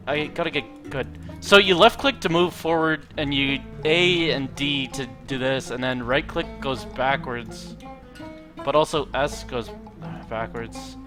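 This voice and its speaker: Brief: a man streaming a game, medium-pitched, wisecracking and swearing, with loud game music underneath. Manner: joking, swearing, reads on-screen text aloud. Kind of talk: casual game commentary.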